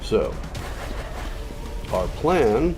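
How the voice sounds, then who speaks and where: A man's voice: sing-song, very slow, over music. A man streaming a video game, muttering casual commentary with frequent swearing. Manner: muttering, swearing, low-key.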